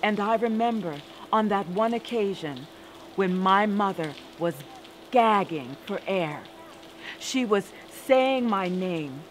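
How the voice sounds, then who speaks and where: A woman performs a spoken-word story with a slow, measured pace. She leans on dramatic pauses and rhythmic repetition, her voice sitting at a middle pitch. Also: fairly bright tone, a little hiss or hum, rough recording.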